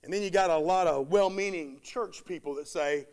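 A man's voice: on the high side, normal speed, darkish tone. A man preaching a sermon with emphatic, repeating phrases, acting out the words of the townsfolk.

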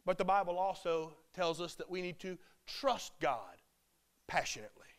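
A man preaching a sermon with emphatic delivery, building to loud shouted peaks. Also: high voice, expressive, normal speed.

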